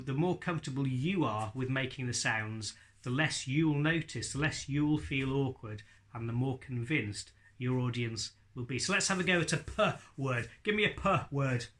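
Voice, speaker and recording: A man's voice: mid-range voice, a little slow, pushed and bright. A man teaching ventriloquism in a casual video lesson, chatty and laughing often as he demonstrates sounds.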